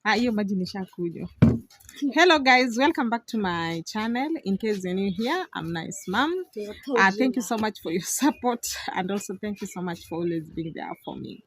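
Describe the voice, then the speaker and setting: A woman's voice: medium pitch, lively intonation, normal speed, a bit bright, no room sound. Young lady vlogging from the village, chatty and laughy, keeps repeating herself, super dry close sound. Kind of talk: casual vlog commentary. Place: outdoors in a village.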